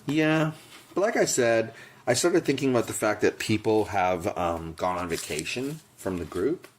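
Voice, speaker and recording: Low-voiced guy cohosting a podcast, bouncy intonation, ribbing his cohost. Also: normal speed, a little hiss or hum. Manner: animated, teasing, emphatic. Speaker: podcast co-host. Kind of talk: casual chat.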